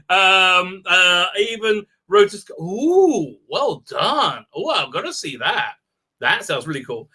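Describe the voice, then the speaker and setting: A man hosting a casual livestream, chatting with viewers in a rambling, excitable way and laughing often. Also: sits high. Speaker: livestream host; rabbi. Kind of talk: casual live-stream chat reading viewer comments.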